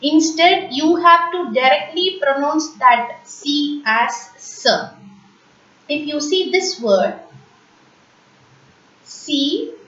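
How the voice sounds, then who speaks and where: A woman teaching French pronunciation in a slow explanatory lesson, patiently repeating words for learners. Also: high voice, a bit bright. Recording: echoey room, distant, dull lo-fi mic.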